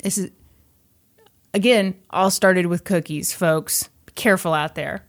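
A woman's voice: on the low side, measured pace. A young woman co-hosting a podcast, telling a story in casual chat, reading out quotes and adding joking asides. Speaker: podcast co-host.

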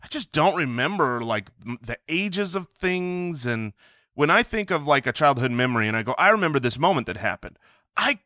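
A man's voice: fairly high pitch, big pitch swings, normal speed, pushed and bright, no echo, clean studio sound. A man in casual podcast chat, rambling and restarting his sentences often.

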